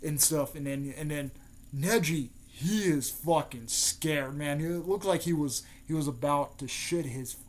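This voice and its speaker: A man's voice: fairly high pitch, measured pace. A young man casually rambling through fan speculation, swearing often and leaning on fillers. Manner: rambling, profane, many fillers. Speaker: fan video host.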